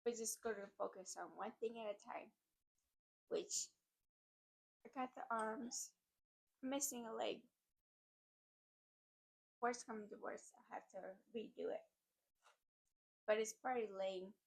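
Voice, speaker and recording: A chatty, giddy woman talking casually into a desk mic, her voice a touch high with a gravelly, fry-laden edge. She rambles easily from one thought to the next like she's catching up with friends. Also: steady tone, a little slow, pauses often. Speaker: crochet vlogger. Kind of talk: casual chat to camera. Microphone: desk microphone.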